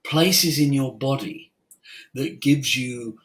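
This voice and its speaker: Brief: middle-aged male voice coach, medium pitch, deliberate and emphatic, demonstrates with his own voice, animated storyteller. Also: poor audio. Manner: lively storyteller. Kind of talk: interview, teaching by demonstration.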